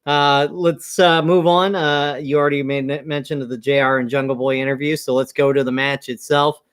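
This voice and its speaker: A man's voice: mid-range voice, flat delivery, moderate pace, clear, resonant tone. A man with an ordinary mid-range voice co-hosts a casual review show. He recaps at an easygoing pace, filling his sentences with "uh" and chuckling often. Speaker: wrestling show co-host.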